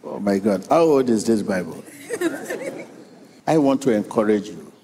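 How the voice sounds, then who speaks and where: A man's voice: on the low side, expressive, normal speed, mellow, slight background noise. A man preaching a sermon with emphatic repetition, drawing in the congregation. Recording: long reverb of a large hall.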